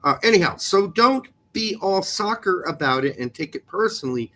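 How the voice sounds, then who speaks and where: A man's voice: high-pitched, expressive, normal speed, bright, forceful tone. A man co-hosting a soccer podcast in a casual, joking chat, teasing his co-host about pronunciations.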